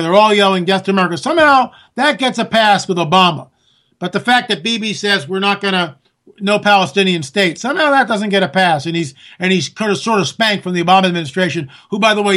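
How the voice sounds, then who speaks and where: A man delivering a sarcastic, animated political monologue, talking straight to his listeners as folks. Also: high-pitched.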